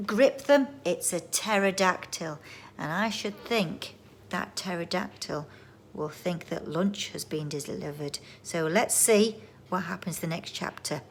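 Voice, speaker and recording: Woman reading a children's story. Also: mid-range voice. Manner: lively, expressive reading with voiced characters. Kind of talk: reading a children's book aloud. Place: home. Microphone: phone or webcam.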